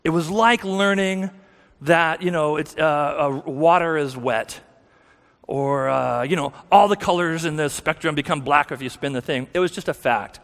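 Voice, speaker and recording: A man's voice: fairly high pitch, moderate pace, fairly bright tone. A man with a slightly raised voice tells his conversion story from the front of a church. He talks candidly and mocks himself, often breaking off and restarting his sentences. A long hall reverb trails behind every phrase. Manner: candid, self-deprecating storytelling with frequent restarts. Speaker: guest speaker. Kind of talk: personal testimony talk. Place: church sanctuary.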